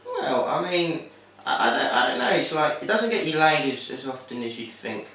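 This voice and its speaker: A young adult TV production student with a Cockney accent answers interview questions in a rambling way, packed with "sort of" and "like." His voice is on the high side and sing-song at normal speed with a fairly bright tone. The recording has a little hiss or hum and comes from a very echoey room with a distant mic.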